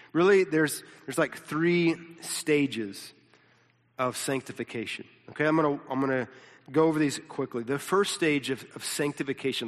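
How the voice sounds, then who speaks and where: Guy pastor giving a chatty sermon, voice a bit on the high side, long hall echo, keeps saying "right?". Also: a bit bright. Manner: casual, repeats words, checks in with "right?". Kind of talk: conversational sermon teaching. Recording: long reverb of a large hall.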